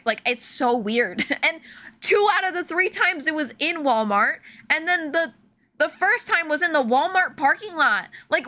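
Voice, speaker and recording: A young woman from Illinois, a streamer telling stories in casual, animated chat full of fillers while she plays a game. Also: very high-pitched. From Illinois, USA. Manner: animated, chatty, filler-heavy, laughs often. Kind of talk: casual storytelling while gaming.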